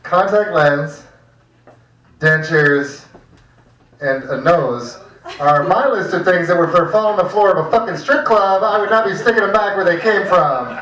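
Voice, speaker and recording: A man's voice: sits high, unhurried, a bit bright, distant mic. A man hosting a stand-up night in a small cafe room, talking in a loose, profane, rambling way. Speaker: comedy show host. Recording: echoey room, mic heard from afar.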